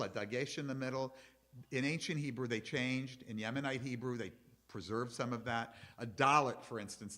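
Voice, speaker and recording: A man's voice: mid-range voice, a bit bright. A middle-aged man, a rabbi, giving a chatty, explanatory lecture to his congregation and taking questions from the audience.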